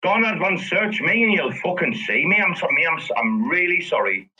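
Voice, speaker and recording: A man's voice: fairly high pitch, animated, moderate pace, sharp tone, low-quality recording. A man in a casual group chat, swearing and sarcastic in a mock-indignant rant.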